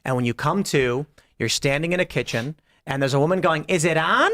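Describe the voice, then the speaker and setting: A man's voice: mid-range voice, brisk, no echo, studio quality. A man hosting a podcast, spinning playful hypothetical stories in casual chat. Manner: playful storyteller, acts out voices. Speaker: podcast host.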